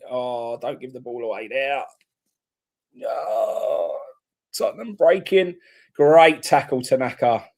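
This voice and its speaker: Blunt football fan host. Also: male voice, medium pitch. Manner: chatty, blunt, reacts loudly to play. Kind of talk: casual live match reaction.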